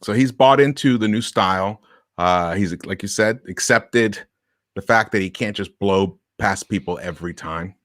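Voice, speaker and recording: A man on a sports panel who talks in an animated, casual way, laughing easily and tripping over his words. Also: fairly low pitch, normal speed, no echo, studio quality. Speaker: podcast panelist.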